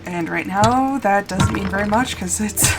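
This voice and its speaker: A woman with a medium-pitched voice livestreams a video game at a moderate pace, game music playing behind her. She talks to herself while playing, begging the game and cheering herself on.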